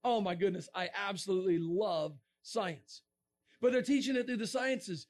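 A middle-aged man giving a lively creationist talk to a young audience, joking and asking the crowd questions. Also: high voice, normal speed. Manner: animated, asks the crowd questions, jokes. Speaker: creationist speaker.

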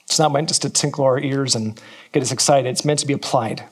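A man's voice: mid-range voice, fast talker, slightly rough. A man from California, preaching a sermon to a church and repeating key phrases for emphasis. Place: church in New Zealand.

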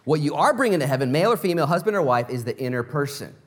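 Man, pastor, sermon, playful storyteller, direct questions to the congregation, fairly high voice. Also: rapid-fire. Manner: animated, playful storytelling with acted voices and laughter.

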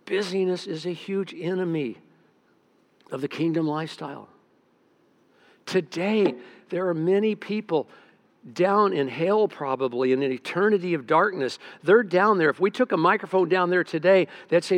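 Older guy pastor preaching, folksy storyteller, kinda high voice, goes soft then loud. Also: normal speed. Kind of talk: sermon.

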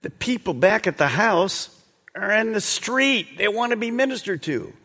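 A man's voice: expressive, moderate pace, bright, forceful tone, in a large hall, exaggerated voice. A man preaching acts out puzzled disciples, raising his voice in disbelief. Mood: incredulous. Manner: raised, incredulous, higher-pitched. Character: baffled, pleading men, followers.

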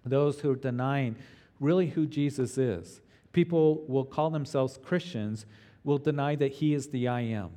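A middle-aged male pastor preaches an earnest, emphatic sermon in a mellow, warm voice. His words ring out with a long reverb, as in a big church sanctuary. He teaches steadily and often restarts a phrase to press his point. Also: medium pitch, a little slow. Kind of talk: expository sermon.

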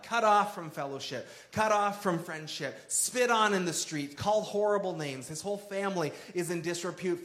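A man's voice: high voice, a bit bright, roomy sound. A man preaching a sermon in a conversational way, acting out quoted lines with drama. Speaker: pastor.

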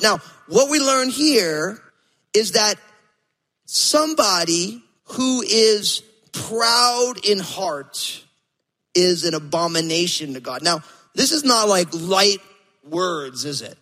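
High, bright-voiced preacher in a reverberant hall. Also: male voice, takes it slowly. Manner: animated storytelling, acts out quotes. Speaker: pastor. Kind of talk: sermon.

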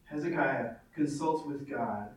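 A man's voice: mid-range voice, measured pace. A man preaching a sermon in earnest, reading scripture aloud and repeating phrases for weight. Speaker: pastor. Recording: very echoey, from far off.

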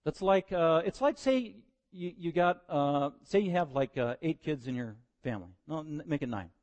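A man's voice: fairly high pitch, animated, moderate pace, darkish tone, big-room sound. A male pastor preaching a sermon in a conversational style that rises to emphatic exhortation.

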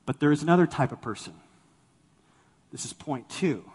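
A man's voice: a little high, expressive, normal speed, pauses often, a little mellow, husky, in a large hall. A man preaching a sermon as a pastor to a congregation, talking animatedly and acting out the people he quotes. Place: church sanctuary with congregation.

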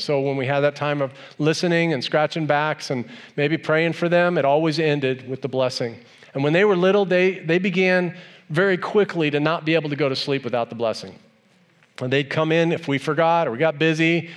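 A middle-aged man preaching a sermon about family faith, talking in a relaxed, conversational way and growing emotional as he speaks of his sons and their wives. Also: fairly high pitch, moderate pace. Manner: warm, conversational, softens and grows emotional when speaking of family. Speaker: pastor.

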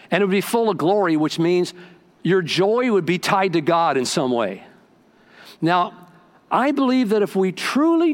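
A man preaching a sermon as pastor, telling stories and acting out quotes with lively swings in his voice. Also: on the high side. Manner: animated storytelling with acted-out quotes. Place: church sanctuary.

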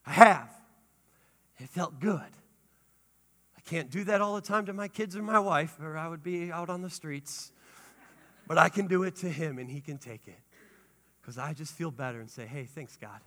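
A male pastor preaching a sermon with lively energy, rising to shouts and dropping to hushed tones. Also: on the high side, normal speed, pauses often. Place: church sanctuary. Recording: long hall reverb.

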